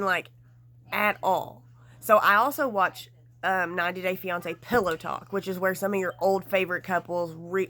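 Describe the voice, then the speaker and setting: A woman vlogger giving casual, gossipy commentary, animated and frank with some mild swearing. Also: on the low side.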